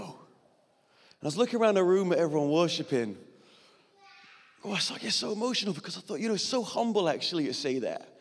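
Male pastor, earnest conversational sermon, slightly higher voice, long hall reverb. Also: very animated, brisk, pauses often, slightly rough. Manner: earnest, conversational, emotional preaching. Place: church hall.

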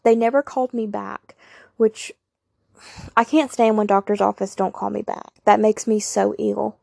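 Lady telling her story on a podcast, kinda creaky voice, very candid, talks right to y'all. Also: mid-range voice, flat delivery, normal speed, darkish tone, dry recording, clean studio sound. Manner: candid, emphatic, talks straight to listeners. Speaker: podcast host. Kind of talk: casual personal storytelling.

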